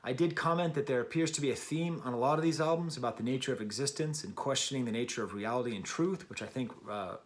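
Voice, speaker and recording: A man's voice: medium pitch, fast talker, hardly any pauses. A middle-aged man hosting his own music review show, talking casually and unscripted, chatty and self-deprecating with frequent ums and restarts. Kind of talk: casual unscripted video talk.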